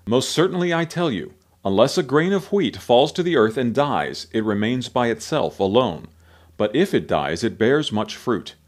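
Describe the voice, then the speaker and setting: Man reading a solemn male teacher, measured delivery, lively rise and fall. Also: medium pitch.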